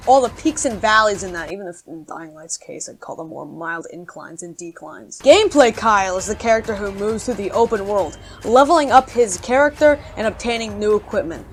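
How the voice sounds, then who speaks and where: A woman narrating a comedic video essay with a sarcastic edge and casual swearing. Her voice sits mid-range, and quiet music plays underneath. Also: mid-range voice. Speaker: YouTuber.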